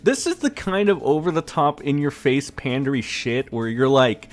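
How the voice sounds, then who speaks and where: A man's voice: mid-range voice, expressive, normal speed, hardly any pauses. A man giving a profane, sarcastic rant as a gaming commentator. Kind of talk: ranting commentary vlog.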